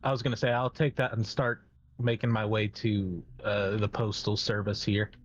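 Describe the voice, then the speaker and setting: A man's voice: on the low side, flat delivery, normal speed, slight background noise. A man playing a tabletop game, speaking plainly and matter-of-factly. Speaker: player. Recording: dull lo-fi mic with faint music.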